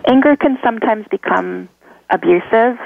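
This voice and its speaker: A woman's voice: fairly high pitch, moderate pace, vocal fry, no echo. A woman hosting a talk show, giving casual advice and talking things through with fillers and restarts. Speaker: podcast host. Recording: tinny phone-line sound.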